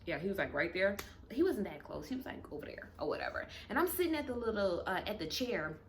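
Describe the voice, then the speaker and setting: A woman telling a story in a casual storytime video, expressive, swearing freely and acting out the people she quotes. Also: mid-range voice, fast, slight background noise.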